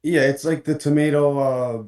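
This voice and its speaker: A man in his twenties, a guest in a casual chat, talking in a relaxed, hesitant way with lots of ums as he searches for words. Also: fairly high pitch, normal speed, far from the mic. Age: 20s. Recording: roomy sound from farther off the mic.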